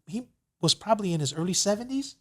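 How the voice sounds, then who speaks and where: A male podcast host with a fairly high voice rambles through a long story in relaxed, casual conversation. He leans on "you know" and "whatever" as he goes and keeps circling back to his point. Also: fast. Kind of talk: casual chat.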